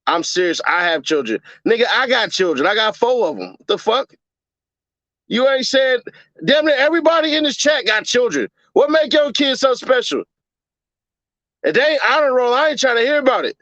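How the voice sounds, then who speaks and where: A man's voice: very high-pitched, very animated, normal speed, a bit bright, dry recording, lo-fi sound. A man, hosting a casual livestream and ranting with profane jokes. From Chicago, USA. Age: 30s. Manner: profane joking rant, puts on mocking voices. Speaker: livestream host.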